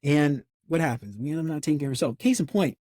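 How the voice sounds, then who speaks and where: A fast-talking man hosting a podcast with an upbeat, gushing energy, his voice sitting a bit high for a man. The sound is close and dry, with no room around it. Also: darkish tone, no room sound. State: out of breath. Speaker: podcast host. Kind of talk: casual podcast chat.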